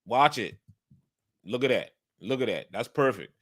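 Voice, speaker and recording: Going over football game film casually, a man with a mid-range voice takes his time. He hammers the same points repeatedly in an emphatic coaching tone, with occasional animated outbursts.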